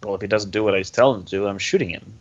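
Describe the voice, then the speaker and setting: A man's voice: on the low side, quick pace, husky. A man playing a tabletop game, talking hesitantly and often trailing off. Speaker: player. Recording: dull lo-fi sound.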